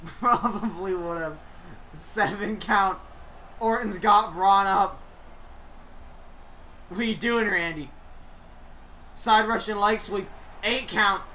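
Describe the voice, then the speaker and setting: A woman giving excitable play-by-play commentary on a wrestling video game she is playing. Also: medium pitch, a little hiss or hum, rough recording. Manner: excitable, reacting aloud. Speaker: gaming YouTuber.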